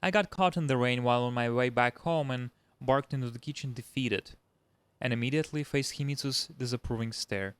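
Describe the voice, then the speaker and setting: A man's voice: medium pitch, a little fast, smooth, no echo. A man playing a game, reading its story aloud with his own comments. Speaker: let's play host reading a visual novel aloud.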